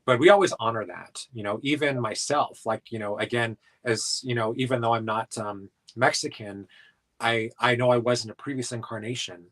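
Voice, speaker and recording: A man's voice: medium pitch, moderate pace, a bit bright, low-quality recording. A man from South Dakota, a paranormal investigator being interviewed, talking in a rambling casual way with lots of filler words.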